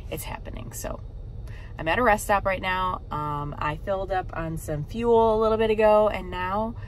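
A woman's voice: medium pitch, normal speed, a little hiss or hum. A woman vlogger chatting casually to camera from her parked car, rambling with lots of fillers. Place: parked car at a rest stop.

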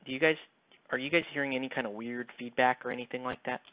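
Talking fast with fairly even intonation, a man with a mid-range voice rambles through a live stream of his miniature painting. The dry recording from his headset mic sounds tinny and phone-like, and he's casual and self-deprecating, with lots of fillers.

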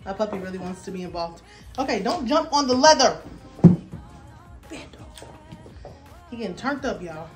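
A young adult woman filming a casual try-on haul at home, chatty and excited, calling viewers y'all and baby. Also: mid-range voice, fast, faint music behind. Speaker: fashion vlogger.

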